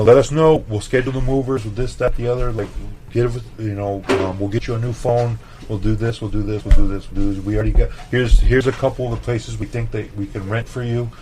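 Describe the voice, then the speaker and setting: A man's voice: lowish voice, a little mellow, a little hiss or hum. A man, a chef, telling a long story in casual chat, acting out other people's voices and swearing freely. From El Paso, Texas. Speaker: chef guest.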